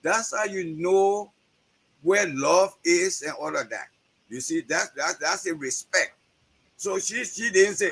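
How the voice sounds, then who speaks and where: A man's voice: sits high, lively intonation, a little slow, creaky, a bit bright, breathy edge, low-quality recording. A man with a Liberian accent, a guest educator speaking animatedly in an interview over a video call, often repeating words as he builds a point. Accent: Liberian English. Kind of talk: conversational interview.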